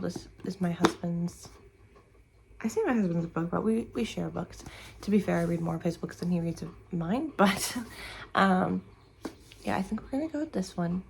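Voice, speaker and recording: A woman's voice: medium pitch, gravelly, darkish tone, slight background noise, poor audio. A tired, sleepy woman chatting casually at home in the morning as a book vlogger, rambling and searching for words. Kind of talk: casual morning chat to camera.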